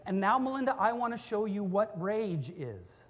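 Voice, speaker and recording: A preacher voicing a father who calmly sets up a prank call for his young daughter. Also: medium pitch, normal speed, slight background noise, pitched below the performer's own voice, lightly acted. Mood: calm, sly. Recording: long hall reverb.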